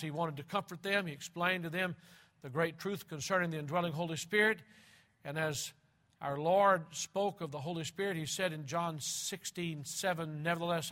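A man preaching a sermon, reading scripture aloud and repeating key phrases slowly and with heavy emphasis, moving between loud and hushed passages. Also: a little high.

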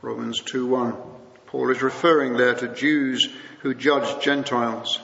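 A man delivering a sermon in a measured way, slowing down when he reads scripture aloud. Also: medium pitch, fairly even intonation, vocal fry, fairly bright tone. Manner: measured, slows to read scripture. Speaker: preacher. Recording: muffled recording in a big echoing hall.

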